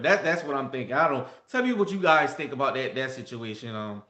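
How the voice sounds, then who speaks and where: A man's voice: medium pitch, expressive, a little fast, few pauses, bright, forceful tone, roomy sound. A man chatting through celebrity gossip with strong opinions, repeating words and talking straight to his viewers. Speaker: gossip vlogger. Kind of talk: casual gossip commentary.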